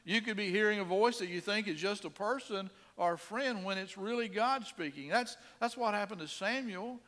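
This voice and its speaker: Middle-aged preacher guy, bright tense voice, earnest sermon, goes soft then punchy. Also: high-pitched, normal speed, big-room sound. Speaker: pastor.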